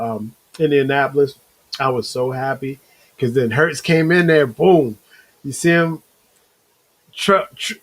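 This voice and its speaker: A man's voice: fairly high pitch, poor audio. A man hosting a live-streamed talk show, chatting loosely with viewers, calling them bro and reading their comments aloud. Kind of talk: casual live-stream chat.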